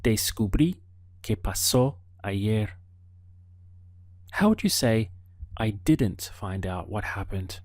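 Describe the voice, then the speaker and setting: A man leads an audio language lesson at an unhurried, careful pace, giving the listener room to answer. His voice sits a little low. The recording is close and dry, with no room sound. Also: expressive, darkish tone, no echo. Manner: slow, patient prompting with pauses for the learner. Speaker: language teacher.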